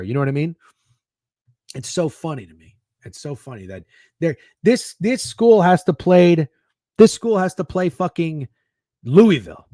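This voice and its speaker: A man's voice: on the high side, expressive, moderate pace, dark tone, no echo. Guy hosting a betting stream, swears a ton, rambles, voice jumps up and down a lot, dry sound. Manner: profane, rambling, sarcastic. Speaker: sports betting stream host. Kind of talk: casual livestream chat.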